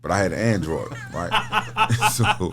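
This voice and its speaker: A middle-aged prison minister, appearing as a podcast guest, tells stories in a casual interview with a low voice whose pitch swoops wildly. He speaks slowly with a fairly bright tone, repeating words and laughing often, while faint music plays in the background.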